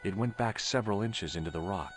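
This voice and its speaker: A man's voice: on the low side, fast, lightly acted. An actor playing a wry young male adventurer who narrates his own exploits in a dry, matter-of-fact way. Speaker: game protagonist narrating. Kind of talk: scripted game voice acting. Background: game music.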